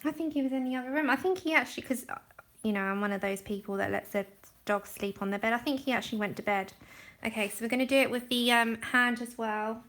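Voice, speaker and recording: A woman's voice: a little high, steady tone, fast talker, fairly bright tone. A woman hosting a livestream, chatting casually while explaining her colouring steps and thanking viewers by name. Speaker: livestream art host.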